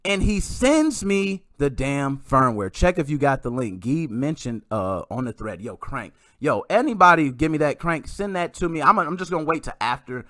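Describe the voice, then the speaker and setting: An excitable man hosting a casual podcast, with a high, bright voice that swings up and down a lot. He tells his story with animated energy and a bit of mild swearing, close and dry on the mic. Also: normal speed, hardly any pauses, no room sound. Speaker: podcast host.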